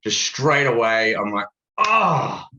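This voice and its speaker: A man's voice: fairly low pitch, moderate pace, fairly bright tone, a little hiss or hum. Laid-back Australian man, echoey room. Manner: laid-back, jokey storytelling. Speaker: guest. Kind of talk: casual interview chat. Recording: echoey, dull-sounding room.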